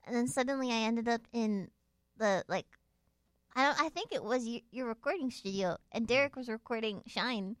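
A woman's voice: on the high side, normal speed, a bit bright, clear, resonant tone, no echo, clean studio sound. A woman in casual chat, rambling with many fillers and laughing often. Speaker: guest dancer.

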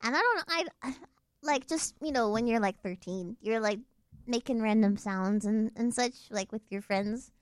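Young woman, casual chatter, slightly high voice, dry close mic. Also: moderate pace, no echo. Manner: chatty, lots of fillers and laughter. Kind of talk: casual chat.

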